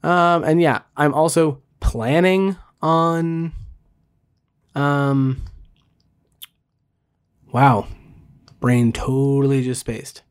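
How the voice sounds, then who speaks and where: A man hosting a casual solo podcast, rambling with many fillers and restarts, self-deprecating and talking fast. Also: on the high side, smooth. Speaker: podcast host.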